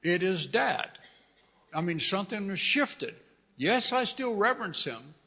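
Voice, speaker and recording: A man's voice: high-pitched, big pitch swings, unhurried, vocal fry, bright, forceful tone. A middle-aged man preaching a fervent sermon as pastor, repeating his phrases and calling out hallelujahs. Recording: long reverb of a large hall.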